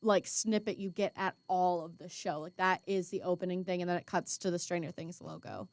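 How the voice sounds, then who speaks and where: A woman's voice: on the low side, fairly even intonation, fairly quick, no echo. Eager young woman co-host, dry sound. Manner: eager, laughs easily, many fillers. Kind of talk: casual podcast chat.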